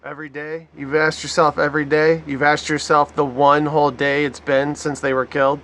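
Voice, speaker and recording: A man's voice: a little high, little pitch movement, moderate pace, a bit bright, slight background noise. A man giving sarcastic, profane commentary over a news clip. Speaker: online commentator.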